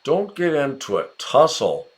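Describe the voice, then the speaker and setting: A man with an American accent teaching English in a relaxed, chatty way, encouraging viewers and calling them by name. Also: fairly high pitch, unhurried. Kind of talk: casual ESL lesson narration.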